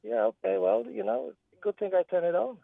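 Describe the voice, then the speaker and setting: Male radio caller phoning from his car, rambling, higher voice, phone-line sound. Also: fairly quick, gravelly, dry recording. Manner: rambling, repeats words. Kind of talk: casual phone-in chat.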